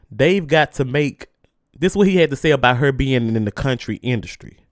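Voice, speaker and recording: Profane, heated podcast host. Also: male voice, mid-range voice, no room sound, clean studio sound. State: mouth burning from spicy food. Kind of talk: casual solo podcast rant.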